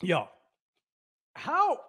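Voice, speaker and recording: A man hosting a fan livestream, energetically shouting out viewers by name and talking about how fired up he is. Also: very high voice, wildly swooping pitch, extremely slow, slightly rough, dry recording, clean studio sound. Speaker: host of a fan livestream show. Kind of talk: energetic live-stream roll call.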